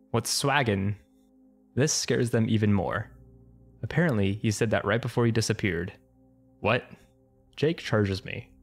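A man narrating an internet story for comic effect in a brisk, wry, matter-of-fact way. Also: fairly low pitch.

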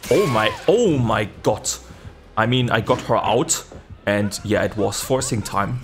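A man giving live gameplay commentary, excitable, swearing casually, jumping to high yelps when the game gets tense. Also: measured pace, faint music behind. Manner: swears casually and laughs at himself. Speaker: video game streamer.

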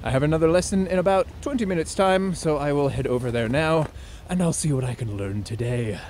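A man's voice: on the high side, a little fast, slight background noise. Chatty young man vlogging outdoors. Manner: chatty, excitable, thinks aloud. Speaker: vlogger learning to snowboard. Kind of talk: casual vlog commentary. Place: outdoors on a ski slope.

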